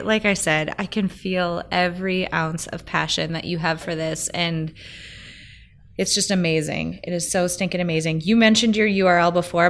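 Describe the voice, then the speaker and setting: A woman's voice: fairly low pitch, a bit bright. A young pregnant woman hosting a podcast, speaking effusively and enthusiastically to her guest. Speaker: podcast host. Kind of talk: podcast interview.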